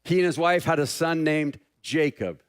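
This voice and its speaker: Casting: middle-aged male pastor, slightly high voice, playful and self-mocking in a sermon. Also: moderate pace, clean tone. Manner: jokey, self-deprecating, animated.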